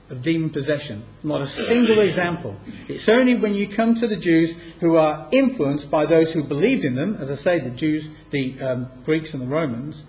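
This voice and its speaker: A man teaching from the Bible, reading passages aloud and slowing down to stress key words. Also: fairly high pitch, darkish tone, a little hiss or hum. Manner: emphatic, slows down to stress quoted scripture. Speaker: preacher.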